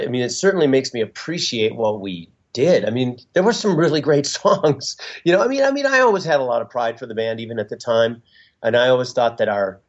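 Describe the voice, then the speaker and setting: A middle-aged man with a medium-pitched voice is interviewed as a guest musician, captured on a muffled recording. He speaks reflectively and openly sentimentally, with easy fillers, in an interview conversation.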